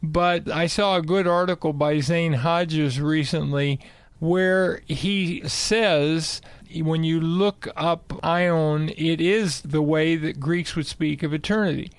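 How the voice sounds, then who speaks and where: High-voiced man teaching with emphasis. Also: fairly even intonation, slow, clean tone, no echo. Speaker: Bible teacher guest. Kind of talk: conversational Bible teaching.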